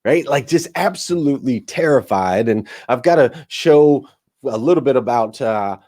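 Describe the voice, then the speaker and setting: A man's voice: medium pitch, lively intonation, moderate pace, darkish tone. A man speaking as a guest speaker, telling a personal story with energy and often calling people "man.". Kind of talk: storytelling talk.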